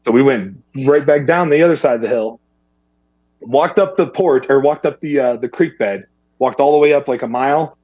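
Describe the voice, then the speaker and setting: A man's voice: medium pitch, normal speed, no room sound, lo-fi sound. A man, casually telling a hunting story and acting out what people said to him. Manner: animated, acts out other people's lines in a raised voice.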